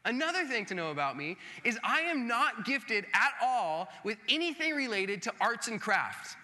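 Animated self-mocking young preacher in a hall. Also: male voice, very high-pitched, normal speed. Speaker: pastor. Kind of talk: storytelling sermon. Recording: long hall reverb.

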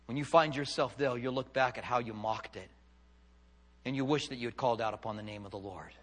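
A man preaching a sermon, swinging from loud, fervent passages to hushed, quiet ones. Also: mid-range voice, a little fast, long reverb tail. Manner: dramatic, swings from loud fervor to hushed tones. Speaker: pastor.

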